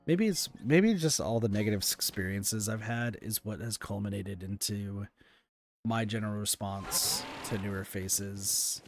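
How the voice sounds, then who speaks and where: A man's voice: lowish voice, unhurried, faint music behind. A man streaming a game, chatting casually and rambling through his frustrations with plenty of fillers and restarts. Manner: rambling and candid, full of fillers and restarts, venting. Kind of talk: casual stream chat while playing.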